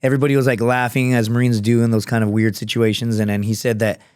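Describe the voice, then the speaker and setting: A man's voice: mid-range voice, flat delivery, fast, darkish tone, clear, resonant tone, no echo, clean studio sound. A man, a former Marine and fighter, telling a story as a podcast guest in a casual, rambling way full of fillers and swearing. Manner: profane, rambling, many fillers.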